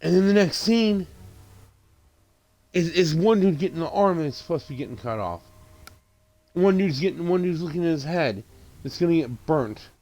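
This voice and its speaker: Excitable, cursing man recapping a movie. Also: on the high side, moderate pace, long pauses. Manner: excitable, profane retelling with frequent restarts and acted-out quotes. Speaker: movie reviewer. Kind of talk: casual spoken movie recap.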